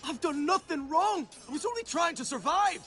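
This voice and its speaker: A man's voice: extremely high pitch, animated, normal speed, sharp tone, soft background music, full character voice. An actor voicing a desperate male soldier accused of theft, pleading and bitter, in a video game.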